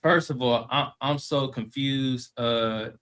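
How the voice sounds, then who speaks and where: Slangy man with a bright voice. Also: mid-range voice, slow, clear, resonant tone. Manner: slangy, loose, calls people bruh. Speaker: debate guest. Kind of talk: casual livestream debate.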